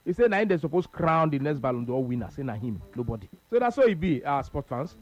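A man's voice: mid-range voice, very animated, quick pace, dull audio, faint music behind. A male radio sports show host with a Nigerian Pidgin accent, repeating his points emphatically. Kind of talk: casual radio sports talk.

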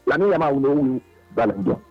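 A man's voice: medium pitch, expressive, fast talker. A man with a Nigerian accent calling in to a radio sports show, talking emphatically and mixing Pidgin with English. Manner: emphatic, repeats himself, mixes Pidgin with English. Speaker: radio caller. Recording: dull lo-fi phone line with faint music.

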